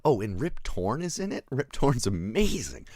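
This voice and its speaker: A man's voice: medium pitch, very animated, moderate pace, darkish tone, no echo, studio quality. A man reviewing a film in a casual livestream, rambling, chuckling and answering live chat as he goes.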